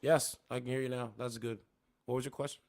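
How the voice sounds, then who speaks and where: A man's voice: medium pitch, level tone, fairly quick, a little mellow. A man streaming casual chats with women on a dating app, talking bluntly and confrontationally with plenty of profanity. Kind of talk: casual livestream chat.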